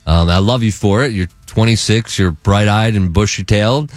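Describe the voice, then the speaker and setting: Man, sports radio co-host, teasing rambling talk, lower voice, dry close mic. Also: normal speed, dry recording, faint music behind. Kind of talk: casual sports radio banter. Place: radio studio. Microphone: studio mic.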